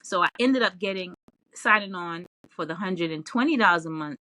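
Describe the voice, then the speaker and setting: Woman chatting in an interview, animated, laughs a lot, bright edge, lowish voice. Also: normal speed, dry recording. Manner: animated, laughs often, quoted dialogue in a raised voice. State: tearful at times. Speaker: interview guest. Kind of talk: casual storytelling interview.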